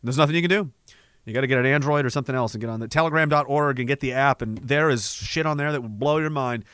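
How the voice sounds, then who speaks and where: Male livestream host from Canada; profane, rambling storyteller with a bright, dry voice. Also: medium pitch, fast, clean tone, no room sound. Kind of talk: casual livestream chat.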